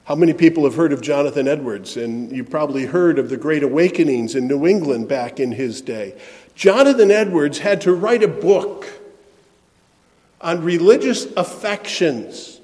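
A man preaching a sermon, shifting between soft, reflective passages and emphatic ones. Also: fairly high pitch. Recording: long hall reverb.

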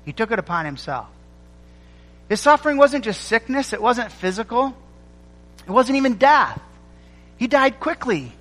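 A man preaching a sermon, emphatic and rhythmic, repeating phrases and pausing for effect. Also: very high voice, big pitch swings, fairly bright tone, long reverb tail, rough recording. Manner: emphatic, rhythmic repetition with dramatic pauses.

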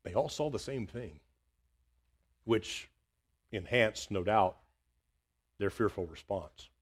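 A man preaching a sermon, reading scripture aloud and dropping quiet and low for the words of God. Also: lively intonation, slow, slightly rough. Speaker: pastor.

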